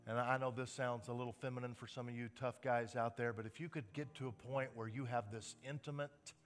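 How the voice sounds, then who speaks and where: A male pastor preaches to his congregation with a bright, forceful voice. He swells into emphatic, impassioned peaks and then falls back to quiet earnestness. The sound is that of a Sunday church service. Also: medium pitch. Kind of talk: sermon.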